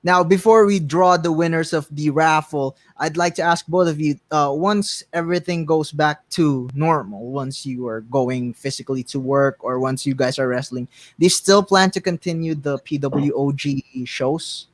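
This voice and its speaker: A man's voice: on the high side, fairly even intonation, normal speed, hardly any pauses, no room sound, studio quality. Man prompting guests with questions. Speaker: interviewer. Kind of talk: casual livestream chat.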